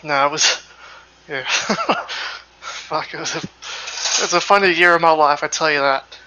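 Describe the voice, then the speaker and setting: A man's voice: a little high, a little slow, bright, forceful tone, lo-fi sound. A man with an Australian accent, chatting casually during a sim race stream, laughing often and swearing freely while telling rambling stories. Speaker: sim racing stream co-host. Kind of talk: casual chat.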